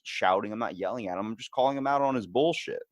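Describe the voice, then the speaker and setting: A man's voice: lowish voice, fast talker, no room sound, clean studio sound. Casual, profane male podcast host. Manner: casual, profane storytelling, acts out quotes.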